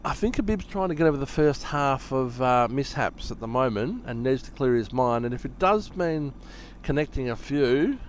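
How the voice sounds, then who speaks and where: A man commentates on a cricket match in a loose, chatty way, joking and laughing as he goes. His voice sits in a middle pitch, with faint noise underneath. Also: lively intonation, normal speed, few pauses. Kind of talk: casual live sports commentary.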